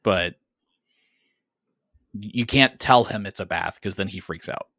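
A man talking casually about his dogs, relaxed and halting at times. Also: fairly low pitch, no echo. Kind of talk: casual chat.

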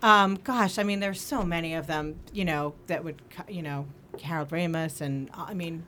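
A woman from Boston, a guest on a podcast, chatting casually and telling lively stories full of acted-out quotes. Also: low voice, moderate pace. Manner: lively storyteller, laughs often and acts out quotes. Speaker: guest comedic actress.

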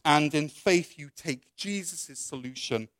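Male preacher, sermon storytelling, slightly high voice, dry close sound. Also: unhurried, dry recording. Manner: storytelling, second person, with soft quoted voices. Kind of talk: sermon illustration and prayer.

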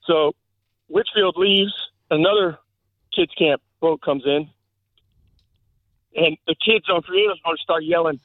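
A man calling in to a radio show, telling a story in quick chatty bursts over a phone line. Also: on the high side, no echo. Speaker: caller. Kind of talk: casual chat.

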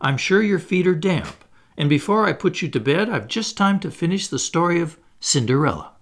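A man's voice: on the high side, expressive, moderate pace, pitched above the performer's own voice, lightly acted. A man reading aloud voices Wendy, a prim, earnest little girl who takes on a motherly role, in a storybook reading.

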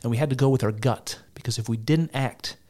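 A man's voice: mid-range voice, brisk, warm tone. A man giving casual spoken commentary on clips, argumentative and wry, with frequent restarts and mock laughter.

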